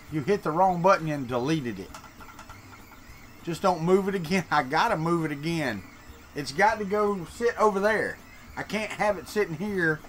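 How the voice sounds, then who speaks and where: The voice is fairly high in pitch with a fairly bright tone, plus a little hiss or hum. It belongs to a male live-stream host from Florida in the Deep South who, in a Southern American accent, chats casually, jokes, and reads and answers viewer comments.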